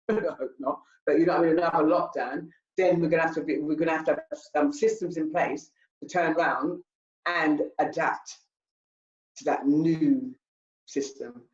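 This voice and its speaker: Roomy-sounding older woman. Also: sits low. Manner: animated, repetitive, acts out her own past speech. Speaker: charity founder. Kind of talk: interview talk. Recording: roomy, slightly dull sound.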